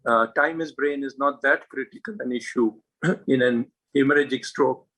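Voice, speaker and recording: Man, medical speaker, bright voice, earnest, emphatic, frequent fillers. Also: medium pitch, fairly even intonation, moderate pace, low-quality recording. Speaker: stroke specialist speaker. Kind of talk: medical talk to colleagues.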